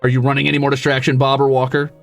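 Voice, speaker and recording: A man's voice: medium pitch, completely flat delivery, very fast, creaky, faint music behind. A man narrating as the game master of a tabletop role-playing game, in a casual way with frequent laughs. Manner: casual, laughs often, uses lots of fillers.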